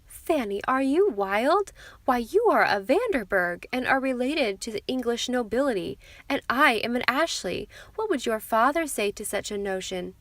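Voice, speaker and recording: A woman's voice: a little high, expressive, normal speed, fairly bright tone, no room sound, voice pushed up. A woman voicing a gushing, snobbish society mother who talks in an affected, effusive way. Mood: haughty.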